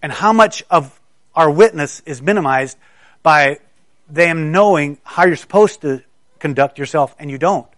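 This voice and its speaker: Man, middle-aged, from South Carolina, sermon, conversational, stammering restarts, fairly high voice, dry sound. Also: unhurried, a bit bright, no echo. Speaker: preacher.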